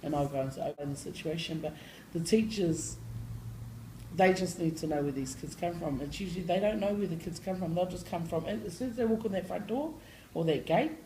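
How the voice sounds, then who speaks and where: A woman who works with school students answers interview questions bluntly and in slang, laughing often. Her voice is low-pitched with a dark tone. The audio is poor, with an echoey room and a little hiss or hum.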